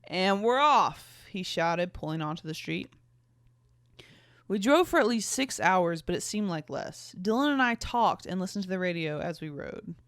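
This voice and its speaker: Young woman podcast host; snarky, giggly commentary with swearing; dry close mic, very animated delivery. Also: fairly low pitch, normal speed, dry recording. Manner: sarcastic, giggly, swears freely. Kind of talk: casual reading and commentary.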